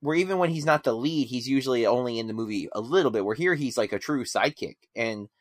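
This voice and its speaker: A man's voice: medium pitch, animated, quick pace, no echo. Dry-sounding man gushing about films. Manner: enthusiastic, rambling with frequent restarts. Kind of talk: casual film review chat.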